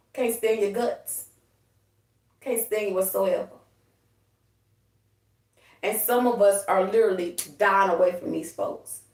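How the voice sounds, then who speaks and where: A woman hosting a spiritual livestream in a heated, profane, preachy way. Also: mid-range voice. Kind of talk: casual spiritual livestream talk. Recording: echoey room, a bit far from the mic.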